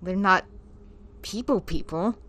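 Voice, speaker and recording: Woman at a d&d table explaining what she did, mid pitch, laughing a lot. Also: takes it slowly, a bit bright, a little hiss or hum. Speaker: player. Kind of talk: tabletop game chat.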